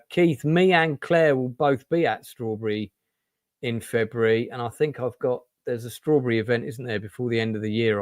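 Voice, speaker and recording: A man's voice: mid-range voice, dry recording, clean studio sound. A man hosting an online book launch over a video call, upbeat and chatty, reading out comments from the chat. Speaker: host.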